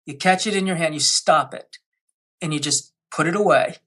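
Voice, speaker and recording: A man's voice: on the high side, moderate pace, a bit bright. A man speaking as a podcast guest, coaching listeners with energy and acting out quotes. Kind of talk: podcast interview.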